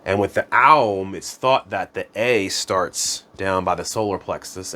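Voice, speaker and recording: A man's voice: low-pitched, normal speed, hardly any pauses, sharp tone. Chatty man teaching chakra practice. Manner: chatty, rambling, laughs at himself, goes off on tangents. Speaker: spiritual self-improvement teacher. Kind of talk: casual instructional talk to camera.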